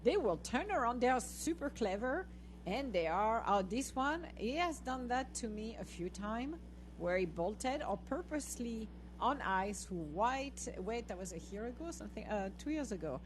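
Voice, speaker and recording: A woman's voice: a little high, a little hiss or hum, low-quality recording. Laughing woman host telling a story. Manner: animated, laughing, acts out her own lines to the dogs. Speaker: podcast host. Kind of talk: casual storytelling chat.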